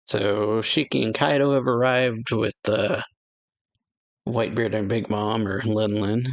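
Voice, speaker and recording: A man's voice: lowish voice, steady tone, unhurried, gravelly. A man hosting a manga chapter reaction, talking casually with many fillers and laughing at his own slips.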